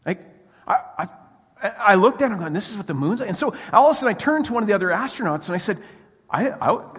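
Animated high-voiced male pastor, echoey hall. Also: quick pace, husky. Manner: animated storytelling, frequent restarts. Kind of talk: sermon.

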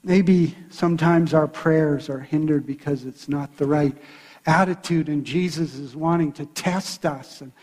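A man's voice: fairly high pitch, darkish tone, big-room sound. A man preaching a sermon as pastor, retelling a story with voiced quotes.

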